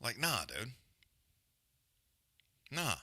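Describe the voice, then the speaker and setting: Speaking very slowly, this fight-watch streamer has a medium-pitched voice that swoops wildly, with a sharp tone and a breathy edge, and the audio has no echo. He rants bluntly with lots of swearing and loose slang, then calls the action. His delivery rambles, restarts, and trails off into mutters.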